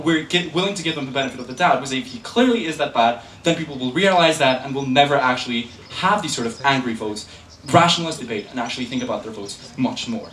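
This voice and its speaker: Fast, lively young man debating. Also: on the high side. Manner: fast, animated and sarcastic, drawing laughs. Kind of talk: competitive debate speech. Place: lecture hall. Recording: echoey hall, distant mic, faint room noise.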